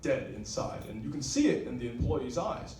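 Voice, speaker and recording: A man's voice: mid-range voice, very animated, normal speed, slight background noise. A young man, a cabaret singer, telling a wry comic story between songs at a live venue. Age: young adult. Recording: echoey live room, far mic, loud piano.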